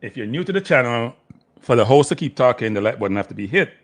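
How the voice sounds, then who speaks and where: Rambling sports stream host. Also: male voice, mid-range voice, lively intonation, quick pace, dry recording. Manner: rambling, talks to the chat by name, slips into Caribbean patois. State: dry throat. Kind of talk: casual live-stream chat.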